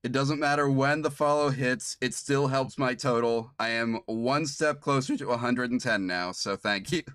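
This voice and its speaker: A man's voice: mid-range voice, normal speed, a bit bright, clean tone, dry recording, studio quality. A man streaming as game master of a tabletop playtest, laughing often and rambling through restarts. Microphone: streaming mic.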